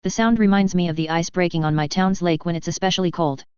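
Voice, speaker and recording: A woman reading a fantasy novel aloud in first person, with even, measured storytelling. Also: on the low side, clear, resonant tone, dry recording. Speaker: audiobook narrator. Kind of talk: scripted first-person narration. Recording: slightly dull, dry audio.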